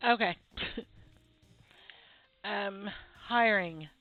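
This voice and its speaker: A woman's voice: mid-range voice, very slow, no echo. A woman in a drowsy, laid-back voice, chatting through her gameplay as she builds up a shop. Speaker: gameplay video host. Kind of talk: relaxed gameplay commentary. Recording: tinny phone-like audio with faint game music.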